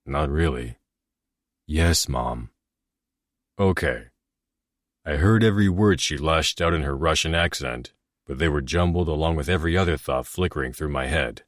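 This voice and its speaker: A man narrates a first-person romance audiobook in a very deep voice. He sounds brooding and self-critical, with a dry, close studio sound. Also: fairly quick, no room sound.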